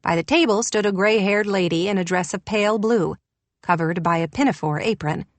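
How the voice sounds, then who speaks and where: A woman's voice: medium pitch, fairly quick, no room sound. A woman reading an audiobook in a wry, descriptive narration. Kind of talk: scripted narration.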